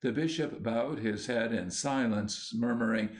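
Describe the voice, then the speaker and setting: A man reads an audiobook in calm, scripted narration. His pace is very slow and his delivery gentle and even. His pitch sits in a middling range.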